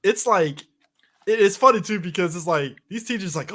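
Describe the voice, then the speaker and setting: A man's voice: sits high, lively intonation, moderate pace, fairly bright tone. A man co-hosting a live podcast, chatting casually with wry jokes. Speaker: podcast co-host.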